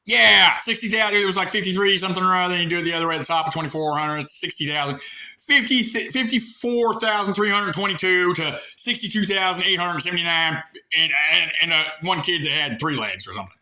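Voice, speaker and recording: A man's voice: high voice, quick pace, sharp tone. A man with a rural American accent, rambling through a sarcastic, coarse, folksy rant. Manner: sarcastic, ranting, digressive. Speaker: vlogger airing grievances. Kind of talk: rambling monologue to camera.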